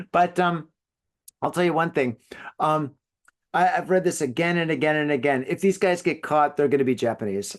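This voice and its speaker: Rambling, joking male podcast host. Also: fairly high pitch. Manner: rambling, joking, filler-heavy. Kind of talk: solo podcast, reading news.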